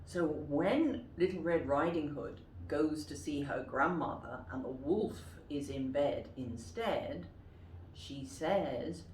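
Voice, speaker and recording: A woman teacher reading a children's storybook aloud, slow and expressive, inviting the children to repeat the lines. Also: low-pitched, echoey room, a little hiss or hum, rough recording.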